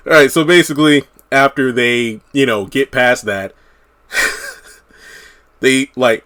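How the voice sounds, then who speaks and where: A man's voice: mid-range voice, takes it slowly, pauses often, sharp tone. Rambling man recapping a TV episode. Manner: rambling, many "you know" fillers. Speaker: TV episode reviewer. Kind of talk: casual recap vlog.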